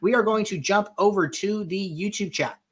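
A man hosting a live question-and-answer show, explaining software settings in a conversational way with frequent fillers. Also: high voice, moderate pace, slightly rough. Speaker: host answering viewer questions. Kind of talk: live Q&A tutorial, walking through software.

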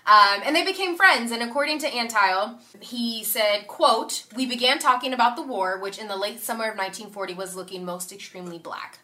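Bright-voiced young woman telling a story. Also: on the high side, a little fast, hardly any pauses. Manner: animated storytelling with voiced quotes and swearing. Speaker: podcast co-host. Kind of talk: casual chat, telling a history story.

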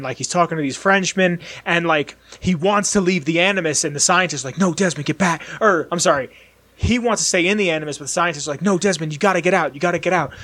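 High-voiced excitable young man telling a story. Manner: excitable, rambling, acts out voices in his stories. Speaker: podcast co-host. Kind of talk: casual chat, animated storytelling.

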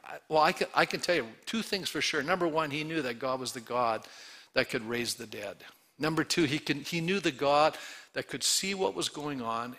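Bright-voiced man preaching a sermon. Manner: conversational preaching with rhetorical questions; rising to excited high bursts when acting out joy. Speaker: pastor.

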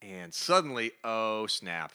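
A man co-hosting a comic book podcast, retelling stories with lively, acted-out character lines. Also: lowish voice, slow pace, clean tone. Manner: animated storyteller, acts out characters' lines. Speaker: podcast co-host. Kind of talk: casual comic book review chat.

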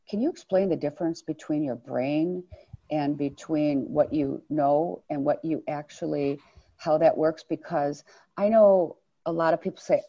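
A woman's voice: sits low, mellow, breathy edge. A woman hosting an interview who asks earnest, probing questions. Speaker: interview host. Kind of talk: interview conversation. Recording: dull lo-fi audio.

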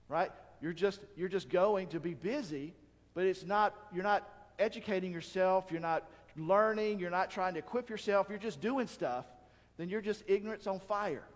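Fairly high-voiced male preacher in a reverberant hall. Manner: keeps checking in with the congregation with "right?"; acts out anecdotes with voices and sounds. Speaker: pastor. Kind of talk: conversational sermon.

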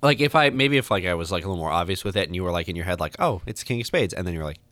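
A man co-hosting a podcast, chatting casually and rambling through animated stories and asides. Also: low voice, very fast, no room sound. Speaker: podcast co-host. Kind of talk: casual chat.

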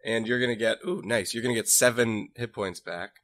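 A man plays a tabletop game, hesitant and pausing often. His voice is bright and forward. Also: medium pitch, slight background noise. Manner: hesitant, full of ums. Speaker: player.

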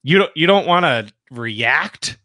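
A man's voice: on the high side, lively intonation, slow pace, pushed and bright, no echo, clean studio sound. Rambling jokey podcast host man. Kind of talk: casual podcast chat.

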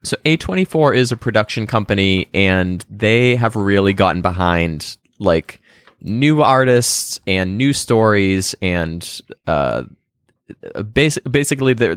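A man's voice: on the low side, expressive, normal speed, no echo, studio quality. A man co-hosting a podcast, chatting casually and hesitantly with many fillers. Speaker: podcast co-host. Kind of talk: casual chat about movies.

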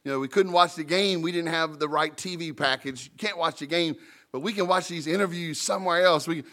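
A man preaching in a church, telling stories and paraphrasing scripture in a relaxed, conversational way. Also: a little high, a little fast. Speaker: pastor. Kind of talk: sermon.

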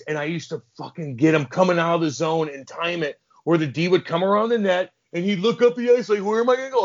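With the highs cut off from the recording, a man whose voice is on the high side tells casual, profane stories as a podcast guest. He's a former hockey enforcer and stays animated, playing out the voices of the people in his stories.

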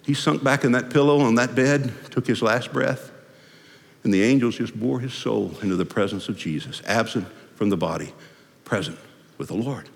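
Emphatic preacher in a reverberant hall. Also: male voice, mid-range voice, moderate pace, creaky. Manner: emphatic preaching, swinging from loud to hushed. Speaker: pastor. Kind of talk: sermon.

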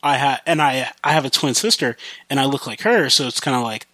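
A podcast host talks a little fast in a bright, forceful, medium-pitched voice, captured as a dry recording. He's a Midwestern man with a slight country accent who rambles casually, swears a lot and uses many fillers.

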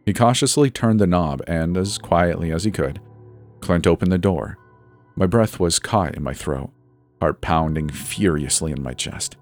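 A man reading a first-person horror story in a measured, suspenseful scripted narration. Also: deep voice. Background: soft background music.

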